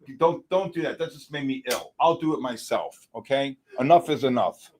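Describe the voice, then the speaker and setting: A middle-aged man hosting a live futures trading stream, with excitable commentary, loud outbursts and joking exasperation. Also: mid-range voice, normal speed.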